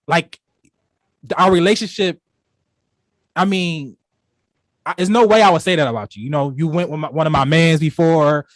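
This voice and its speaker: A man's voice: fairly high pitch, moderate pace, long pauses, no room sound, clean studio sound. A young man co-hosting a casual podcast, telling a long personal story in a rambling way, with lots of restarts and "you know". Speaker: podcast co-host.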